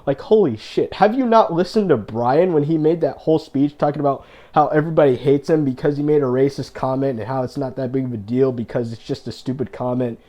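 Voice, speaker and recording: A man's voice: mid-range voice, brisk, few pauses, warm tone. A man ranting in a video, exasperated and profane as he complains about other creators. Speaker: YouTuber. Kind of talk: rant video.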